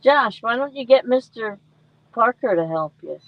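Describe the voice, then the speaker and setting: A woman's voice: on the high side, expressive, normal speed, dry recording. A woman co-hosting a casual livestream, reading viewer comments and answering them conversationally. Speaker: co-host. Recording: dull dry lo-fi sound.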